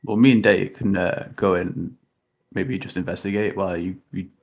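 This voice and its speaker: Low gravelly guy playing d&d, kinda rambly and unsure. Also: fairly even intonation, normal speed, a little mellow. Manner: unsure, rambling, self-correcting. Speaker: player. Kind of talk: playing a tabletop game.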